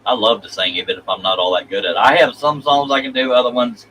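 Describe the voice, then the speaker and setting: A man's voice: mid-range voice, flat delivery, fast, pushed and bright, a little hiss or hum, rough recording. A man hosting a casual live stream, rambling and reading viewer comments aloud.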